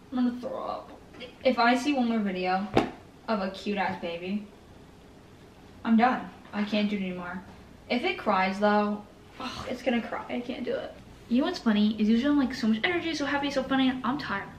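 Young woman, casual vlog, scattered, self-mocking, higher voice, faint room hum. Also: brisk. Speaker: vlogger. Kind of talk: casual talking to camera. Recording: echoey room with faint ambience.

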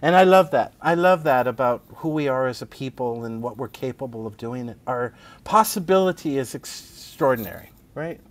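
With a medium-pitched voice at a moderate pace and few pauses, a middle-aged playwright chats as a guest, telling lively stories, laughing frequently and asking "right?". A little hiss or hum sits under the recording.

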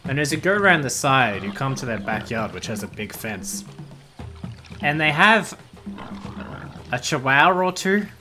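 A man's voice: mid-range voice, sing-song, moderate pace, long pauses, over music. A man, giving casual gameplay commentary as a streamer, swearing freely and laughing often.

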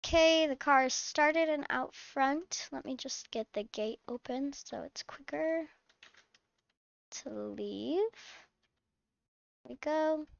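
A woman's voice: sits high, slow, creaky, long pauses, dry recording, highs cut off. A woman hosting her channel, chatting and acting as a fussing, scolding mom in a game role-play. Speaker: channel host playing a mom.

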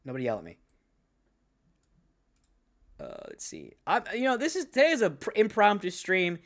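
A man's voice: high voice, huge pitch swings, normal speed, fairly bright tone. Chatty man streaming a game. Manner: chatty, jokey, reads subtitles aloud. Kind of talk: live let's-play commentary. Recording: game music under a home stream. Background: game music.

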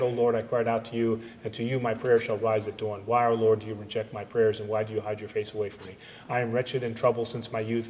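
A man serving as liturgical reader, reciting psalms in a steady, even manner at a church service. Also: medium pitch, slight background noise. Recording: long church reverb on a livestream.

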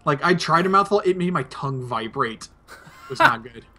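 A man's voice: high-pitched, very animated, moderate pace, vocal fry, pushed and bright, a little hiss or hum. A young man, host of a two-player gameplay video, casually rambling through a personal anecdote. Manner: rambling anecdote, laid-back. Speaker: let's play host.

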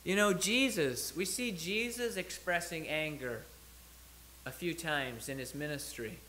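A man's voice: a little high, a little slow, sharp tone, slight background noise. A man preaching a sermon in church, talking it through in a conversational way with restarts and self-corrections as he thinks aloud.

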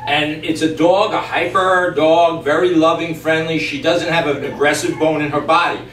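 A man training a dog on camera, explaining each step calmly and emphatically and breaking off to speak to the dog. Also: on the high side, moderate pace. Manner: calm, emphatic, talks to the dog in between. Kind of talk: on-the-spot training demonstration. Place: yard and doorway of a house. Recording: distant, echoey camera audio with background noise.

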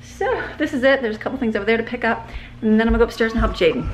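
A woman's voice: lively intonation, rapid-fire, soft background music. A middle-aged woman and mother chatting casually and cheerfully as she films a home vlog from the kitchen and basement, held on a handheld camera. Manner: chatty, upbeat, talks to her dogs in a high sing-song voice. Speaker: vlogger, mother. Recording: noisy home recording.

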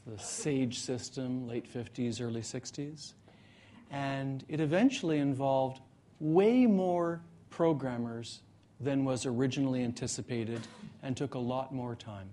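A man presenting at a meetup, telling a joke and then explaining his ideas in a measured way. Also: medium pitch, slight background noise. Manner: relaxed joking storyteller, then measured explainer. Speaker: presenter, guest speaker. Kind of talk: live talk at a meetup. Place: meetup room in front of an audience.

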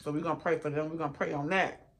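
A woman's voice: deep voice, steady tone, rapid-fire. A woman, chatting casually to her viewers while she eats. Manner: chatty, addresses viewers as y'all and honey. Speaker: mukbang vlogger. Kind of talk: casual storytelling while eating.

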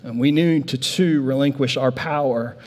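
A man preaching a sermon as pastor, telling the story with lively acted-out voices of the disciples. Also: medium pitch, moderate pace, in a large hall. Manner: animated storytelling, voicing disciples in a raised voice. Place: church sanctuary.

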